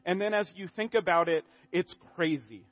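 A man preaching a sermon in an animated way, acting out the quotes and often restarting his sentences. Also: high-pitched, moderate pace. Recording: dull audio in a reverberant hall.

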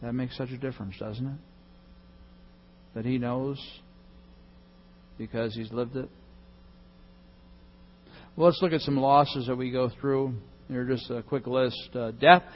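A male pastor giving a sermon, swinging between loud emphasis and soft, hushed reading. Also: mid-range voice, fairly even intonation, measured pace, long pauses, lo-fi sound, slight background noise.

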